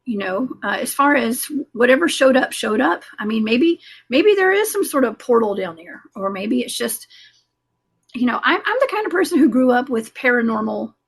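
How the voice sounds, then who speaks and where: A woman's voice: on the high side, animated, normal speed, vocal fry, breathy edge. A woman guest telling a rambling paranormal story in a casual interview, full of fillers and restarts. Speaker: guest, cryptid investigator.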